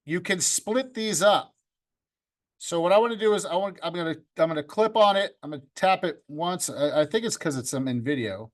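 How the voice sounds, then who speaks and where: A man teaching a video-editing class over a video call, upbeat and joking, talking to students by name. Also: on the high side. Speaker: video club instructor. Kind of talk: online class instruction. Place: home room with green screen.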